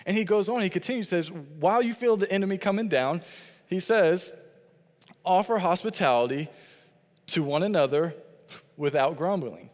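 A man's voice: high voice, animated, moderate pace, long pauses, a little mellow. Earnest preaching man in a reverberant hall. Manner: earnest, repetitive preaching with quoted scripture. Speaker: pastor. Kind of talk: sermon.

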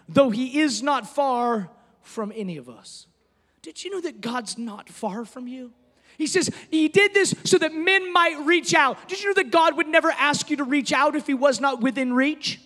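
A pastor preaches a sermon in a very high-pitched, slightly bright voice, talking conversationally and telling stories, rising at times to emphatic declarations. The sound has a big-room feel.

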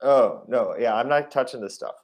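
A man's voice: medium pitch, moderate pace. A man co-hosting a comedic chat show, playing along with the bit in mock-earnest asides. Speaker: podcast co-host.

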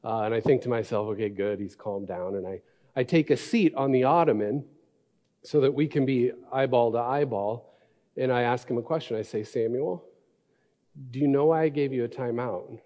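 A male pastor in his thirties preaching a sermon, reading scripture slowly and telling family stories. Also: mid-range voice, lo-fi sound. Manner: reads scripture slowly, then tells a lively family story. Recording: long reverb of a large hall.

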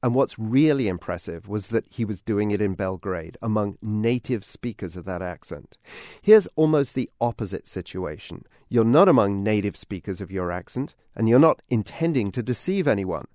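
A British man reporting a radio news feature, chatty and quick to laugh. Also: lowish voice, animated, a little mellow, dry recording, clean studio sound.

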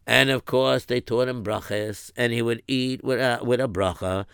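A man's voice: mid-range voice, steady tone, normal speed, vocal fry, few pauses, fairly bright tone, clear, resonant tone, dry recording, clean studio sound. A man telling a story in a folksy way, sprinkling in Yiddish and Hebrew words. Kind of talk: spoken storytelling.

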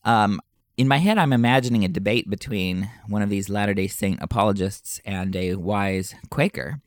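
A man giving an earnest, emphatic spoken Bible commentary, slowing down to repeat his key phrases. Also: lowish voice, no room sound. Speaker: Bible teacher.

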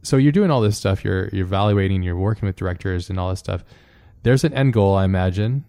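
Low, mellow-voiced podcast host. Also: male voice, no echo. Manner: enthusiastic, casual, rapid-fire questions. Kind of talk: casual podcast conversation.

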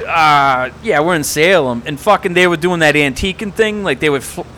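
A man tells a wild story in casual chat, cursing at every turn. His voice is fairly high and very bright and forceful. A faint hiss of noise runs behind him. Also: moderate pace. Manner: animated, heavy swearing.

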